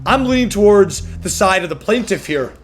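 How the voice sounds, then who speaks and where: A young man streaming a game live, reacting loudly in excitable slangy casual chat. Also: high voice, moderate pace, over music.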